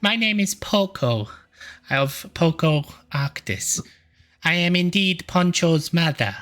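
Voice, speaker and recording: A man's voice: fairly high pitch, expressive, takes it slowly, fairly bright tone, pitched above the performer's own voice. A man voicing a friendly mother penguin shopkeeper in a welcoming, raised voice.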